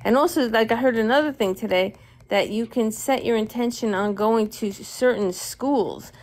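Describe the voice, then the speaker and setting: Relaxed, agreeable female co-host. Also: on the high side, moderate pace. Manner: relaxed, agreeable, shares things she heard. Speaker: co-host guest. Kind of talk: casual livestream chat.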